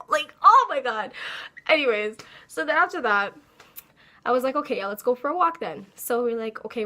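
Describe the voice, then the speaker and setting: A young woman telling a casual storytime, animated and laughing as she acts out her own quotes. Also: sits high. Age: young adult. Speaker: vlogger.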